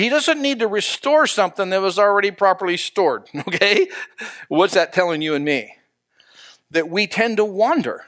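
A man, a pastor, preaching a sermon in a conversational way, asking his listeners questions and slowing down to stress key words. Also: high voice, a bit bright, no echo, clean studio sound. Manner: conversational preaching, rhetorical questions, slows for emphasis.

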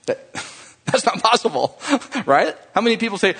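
Animated man preaching, lively pitch. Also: normal speed, slightly rough. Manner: animated, conversational preaching with jokes to the congregation. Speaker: pastor. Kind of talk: sermon.

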